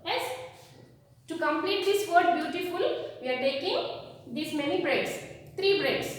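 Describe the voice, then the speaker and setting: A high-pitched woman teaches a grammar class at a slow, deliberate pace, repeating herself and putting questions to the children. Her voice comes from a distance in a very echoey room with a long reverb. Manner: repeats points and quizzes the children. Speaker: school teacher. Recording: echoey hall, distant mic, faint noise.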